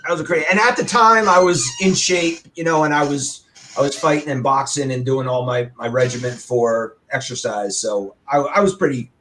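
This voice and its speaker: A man telling a story with animation and a loud, bellowing voice at times, as a guest on a talk show. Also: mid-range voice, normal speed, slight background noise. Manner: loud, bellowing when acting out his anger. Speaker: arcade owner and guest.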